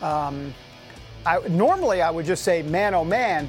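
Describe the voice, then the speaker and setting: A man's voice: on the high side, animated, moderate pace, soft background music. Man, talk show host, casual, joking, teasing. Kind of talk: casual chat.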